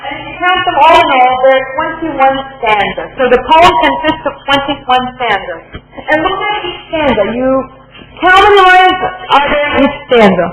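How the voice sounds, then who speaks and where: The high voice of a woman university lecturer fills a very echoey room, and each word trails off into long reverb. She explains things step by step, repeats her points and keeps checking that her students follow. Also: lively intonation, normal speed, highs cut off. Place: lecture hall.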